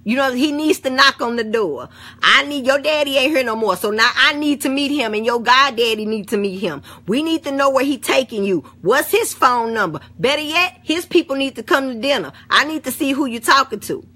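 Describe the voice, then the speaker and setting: A woman's voice: high voice, animated, a little fast, bright, forceful tone. A middle-aged woman with an African American St. Louis accent, talking bluntly and swearing freely in a casual chat. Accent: African American English, St. Louis. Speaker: vlogger. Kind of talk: casual talk to camera.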